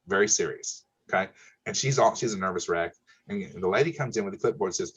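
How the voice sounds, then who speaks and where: A man's voice: deep voice, fast, fairly bright tone, slightly rough, low-quality recording. A man, an insurance broker telling client stories in a folksy, emphatic way, often checking in with "okay?". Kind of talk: casual storytelling.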